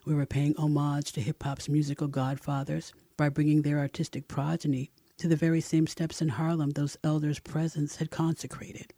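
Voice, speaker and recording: A man narrating a first-person memoir in an expressive audiobook reading, close to the mic. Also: on the high side, normal speed, few pauses, no echo.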